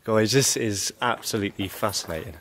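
A man casually narrating a travel vlog outdoors, chatty, excitable and jokey. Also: lowish voice, brisk, slight background noise. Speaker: vlogger exploring abandoned places. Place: outdoors in an abandoned zone.

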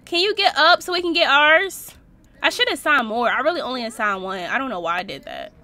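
Lively high-voiced young woman gaming. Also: fairly quick, no echo. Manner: animated, slangy, laughing at the game. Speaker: Sims let's-play host. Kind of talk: casual gameplay commentary.

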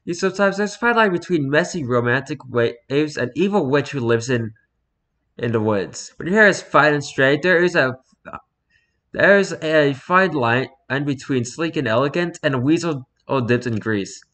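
A man casually reading social media posts aloud, dropping into quiet muttered asides between them. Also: fairly high pitch, expressive, moderate pace.

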